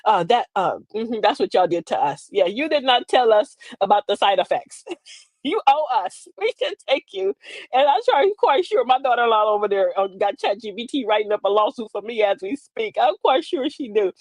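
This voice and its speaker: A woman's voice: fairly high pitch, lively intonation, brisk, no echo. An older woman, hosting a comedic livestream, telling stories with quoted voices and frequent laughter. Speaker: livestream host.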